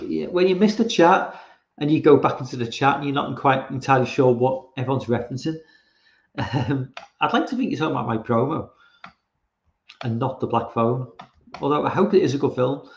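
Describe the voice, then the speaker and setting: A gravelly, medium-pitched man who isn't American hosts a casual livestream as a podcast host, speaking at a normal pace. He rambles and swears, often restarting his sentences while reading the chat. The room sounds roomy and slightly dull.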